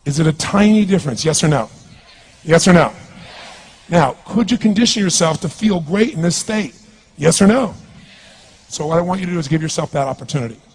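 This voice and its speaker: A man's voice: fairly high pitch, animated, brisk, long pauses, breathy edge. A man giving an intense, commanding motivational speech on stage and calling for responses from the audience. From California. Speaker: motivational speaker.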